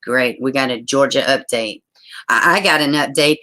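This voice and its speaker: A woman's voice: rumbling low, normal speed, sharp tone. A woman hosting a casual live stream, chatting and reading out viewer comments, blunt and ready to swear. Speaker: livestream host. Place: home.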